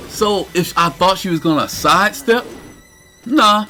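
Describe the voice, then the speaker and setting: A man's voice: sits high, unhurried, faint music behind. A man streaming live, ranting in exasperated detail about a fighting game character. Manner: animated, incredulous, cursing.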